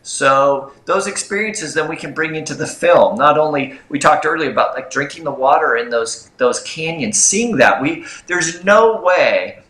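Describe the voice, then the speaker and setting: Bright-voiced man telling stories. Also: on the high side, normal speed, hardly any pauses, reverberant, poor audio. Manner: animated anecdotal storyteller. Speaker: co-host of a film livestream. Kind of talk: livestream storytelling chat.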